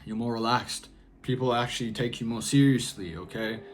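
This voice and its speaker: A man's voice: medium pitch, steady tone, normal speed, a little hiss or hum. A young man vlogging casual advice in a laid-back, rambling way, peppering his talk with slang. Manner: rambling, often trails off and restarts.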